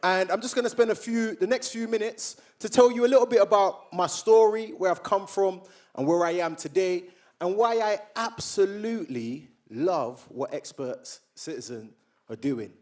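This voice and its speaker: A young man from Jamaica giving a motivational speech to a live audience, telling his story in a lively way and acting out old conversations. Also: high-pitched, normal speed. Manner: animated storyteller who acts out remembered dialogue. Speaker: public speaker. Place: awards event room with audience.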